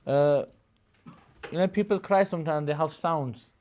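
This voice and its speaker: A man's voice: on the high side, unhurried, darkish tone. A man teaching a live classroom lesson, explaining at length, laughing often, and checking in with his students as he goes. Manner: explanatory, keeps checking in with "Yes?" and "Yeah?". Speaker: religious studies teacher.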